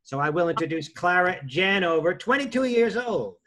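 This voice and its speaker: A man's voice: high voice, expressive, normal speed, a bit bright, a little hiss or hum. A man hosting a podcast over a video call, speaking with wry humor and frequent hesitations. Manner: wry, hesitant with many ums. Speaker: podcast host and introducer. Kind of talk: casual podcast chat, dry humor.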